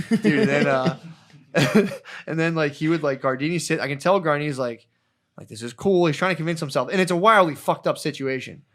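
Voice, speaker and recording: A man's voice: fairly high pitch, a little fast, fairly bright tone. A man hosting a podcast, telling a rambling, profane story and laughing as he goes. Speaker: podcast host. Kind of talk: casual storytelling chat.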